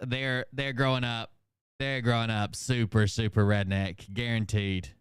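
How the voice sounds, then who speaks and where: Southern man, smooth profane streamer. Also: medium pitch, no room sound, clean studio sound. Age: 30s. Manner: rambling, joking, heavy swearing. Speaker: livestream host. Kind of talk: casual profane livestream commentary.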